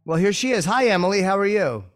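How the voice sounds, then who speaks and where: A man's voice: sits high, lively intonation, quick pace, soft background music. A man hosting a chat show who makes dry, wry remarks and interviews a guest. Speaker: podcast host.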